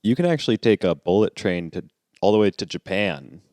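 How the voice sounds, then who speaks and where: Deep-voiced man, deadpan podcast co-host. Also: fairly quick, no room sound, clean studio sound. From New York. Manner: deadpan, absurd jokes. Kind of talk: casual chat.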